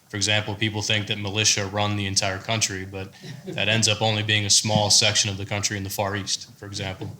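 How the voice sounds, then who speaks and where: Low, flat-toned American man. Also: a little hiss or hum. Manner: measured, explanatory, steady delivery. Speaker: startup founder on a panel. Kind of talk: panel discussion answer.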